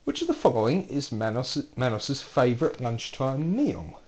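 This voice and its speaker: A man lecturer reads out multiple-choice quiz questions, lettering each option. His voice swings lively up and down in pitch. He keeps it playful with dry asides and corrects himself as he goes. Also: moderate pace, hardly any pauses. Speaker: university lecturer.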